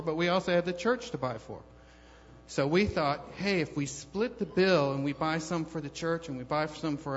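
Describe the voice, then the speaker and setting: A man giving a personal testimony at church, telling his story in a rambling, conversational way with many fillers and restarts. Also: on the high side. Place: church hall. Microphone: handheld microphone held too far off. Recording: long hall reverb, dull lo-fi sound.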